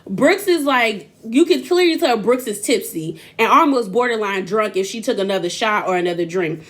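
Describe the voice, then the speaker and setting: A young woman recapping a reality show in casual chat, sassy and animated, acting out what people said. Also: medium pitch, normal speed. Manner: sassy, animated, acts out quotes.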